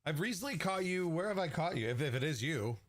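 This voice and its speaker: A man's voice: on the high side, lively intonation, fast. A man hosting a casual livestream, chatty and joking, who greets viewers by name and laughs often. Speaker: livestream host.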